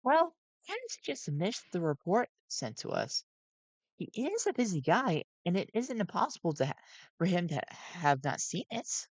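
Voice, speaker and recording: A man voicing a gentle, nervous robot daycare attendant who speaks softly and formally. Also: high-pitched, wildly swooping pitch, moderate pace, no echo, pitched above the performer's own voice, exaggerated voice, rough recording. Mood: reassuring. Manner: soft, hesitant, formal.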